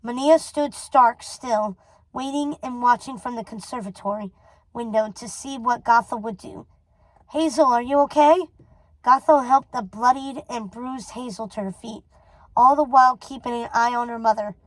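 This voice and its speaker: Lady reading a story out loud, steady and dramatic, bit high. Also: normal speed, dry recording, low-quality recording. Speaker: reader. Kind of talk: storybook read-aloud.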